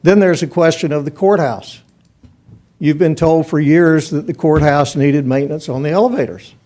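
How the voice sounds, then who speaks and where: A man's voice: fairly high pitch, moderate pace, dark tone. A man giving a public comment at a county budget hearing, laying out firm, methodical criticism into a podium microphone. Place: county commission meeting chamber.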